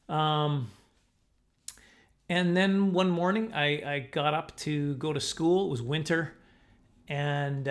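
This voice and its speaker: Comedic male storyteller, casual and self-deprecating, slightly high voice, slips into quoted voices. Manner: rambling, self-mocking, acts out quoted voices. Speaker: comedian telling a personal story.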